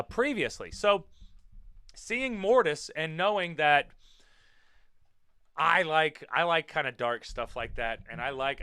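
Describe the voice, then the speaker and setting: An American man hosting a casual wrestling podcast, talking in an animated, blunt way, swearing now and then and repeating himself for emphasis. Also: medium pitch, clear, resonant tone, dry recording, studio quality. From United States. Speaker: podcast host and professional wrestler.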